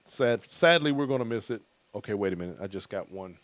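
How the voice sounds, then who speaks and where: A man's voice: lowish voice, animated, a little fast, hardly any pauses. A middle-aged male host in loose, joking casual chat, reading out viewer comments and chuckling often.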